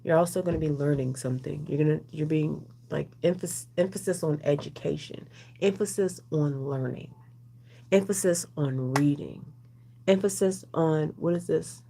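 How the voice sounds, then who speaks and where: A woman's voice: low-pitched, moderate pace, vocal fry, warm tone. A woman doing a casual, rambling oracle card reading, chatting with her viewers as she goes. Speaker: tarot reader.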